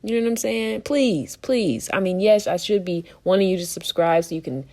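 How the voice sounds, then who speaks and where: A woman's voice: mid-range voice, normal speed, darkish tone. A woman co-hosting a podcast, talking candidly and with plenty of swearing, exasperated and laughing often. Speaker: podcast co-host. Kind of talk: casual opinion chat.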